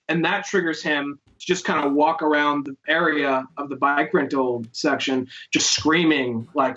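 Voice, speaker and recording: A man with a high, bright voice hosts a casual podcast chat. He rambles through stories and swears freely. The sound is a little dull and lo-fi. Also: normal speed, few pauses. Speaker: podcast host.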